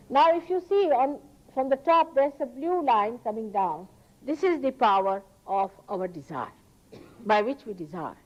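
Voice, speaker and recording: Earnest woman giving a spiritual talk. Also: poor audio. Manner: earnest, emphatic, with sudden rises in pitch. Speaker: spiritual teacher. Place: public hall.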